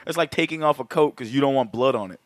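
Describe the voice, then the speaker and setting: Swearing laid-back podcast co-host. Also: male voice, medium pitch, fast, dry recording. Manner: profane, rambling, laid-back. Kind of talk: casual movie review chat.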